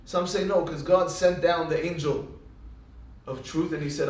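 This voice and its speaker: This rabbi's voice sits a little high and moves at a moderate clip. He tells stories with gusto during his Torah lecture, performing the quoted speech, and he's picked up from a distance in a reverberant hall.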